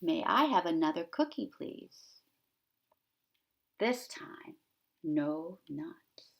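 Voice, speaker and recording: A woman voicing a calm, polite little duckling from a picture book, asking softly. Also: a little high, slow, voice pushed up, heavily acted.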